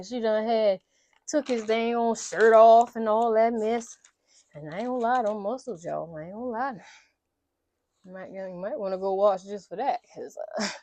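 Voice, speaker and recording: A woman casually recapping a movie in a chatty, animated, slangy way, cursing freely. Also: a little high, no room sound. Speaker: vlogger.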